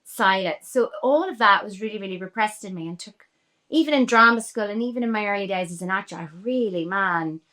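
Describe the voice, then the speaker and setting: A woman's voice: mid-range voice, a little fast, bright, forceful tone. Northern irish woman in her 40s, earnest and emphatic, actress chatting as a guest. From Northern Ireland. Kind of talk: casual interview chat.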